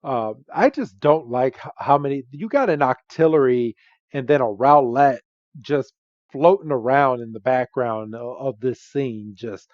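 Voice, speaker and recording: A man's voice: mid-range voice, a little slow, a little mellow, dry recording. Dry lo-fi man recapping a movie. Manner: retells scenes quoting characters, laughs often. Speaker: podcast co-host. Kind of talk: casual movie recap chat. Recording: dry, dull lo-fi sound.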